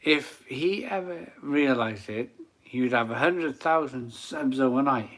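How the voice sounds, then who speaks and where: Bloke in his forties hosting a live stream, chatty, giggly, slow and bright. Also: medium pitch, expressive. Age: 40s. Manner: chatty, laughs often, reads chat comments aloud. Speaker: beer reviewer and live stream host. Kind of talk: casual live stream chat.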